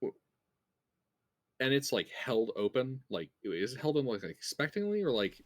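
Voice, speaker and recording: A man's voice: medium pitch, big pitch swings, normal speed, dry recording, clean studio sound. A man playing in a tabletop game, speaking hesitantly with many fillers. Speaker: player.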